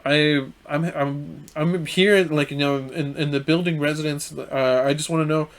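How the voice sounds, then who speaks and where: A young man co-hosting a podcast, telling a story in a relaxed way with many fillers and restarts. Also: fairly high pitch, moderate pace. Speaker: podcast co-host. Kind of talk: casual storytelling chat.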